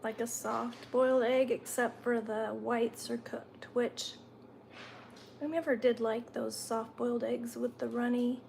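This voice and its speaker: A woman's voice: a little high, steady tone, a little slow, gravelly, a little mellow, slight background noise. A woman hosting a casual live stream from home, chatting and answering viewer comments while she eats, sometimes talking through a mouthful. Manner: talks while chewing.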